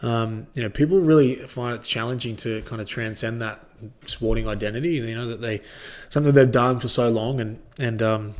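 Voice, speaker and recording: Aussie guy in his 30s on a podcast, chill and rambly, swears a lot, normal pitch voice. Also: normal speed, a little mellow. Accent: Australian. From Australia. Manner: laid-back, swears freely, rambling with restarts. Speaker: guest, former rugby league player. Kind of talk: casual podcast chat.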